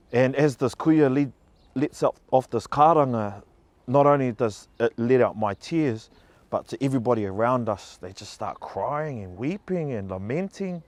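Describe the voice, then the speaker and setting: A man's voice: mid-range voice, moderate pace, no echo. A man giving an emotional personal testimony, earnest and heartfelt, growing passionate. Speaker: speaker telling a story.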